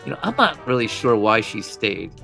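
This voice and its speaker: A man's voice: mid-range voice, very animated, moderate pace, creaky, bright, forceful tone, soft background music. A man co-hosting a podcast, reading scripted true-crime narration with casual asides. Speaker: podcast co-host.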